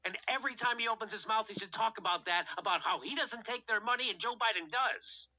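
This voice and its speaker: A man hosts a political show in a fierce, profane rant. His voice is sharp and bright, and he piles up sarcastic rhetorical questions. The recording is dull and lo-fi. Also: sits high, quick pace. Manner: heated, sarcastic, swears often, rhetorical questions.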